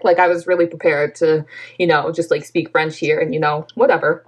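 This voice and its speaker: Chatty young Canadian-born woman, low-pitched. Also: fairly quick. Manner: chatty, lots of "like", laughs often. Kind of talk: casual chat.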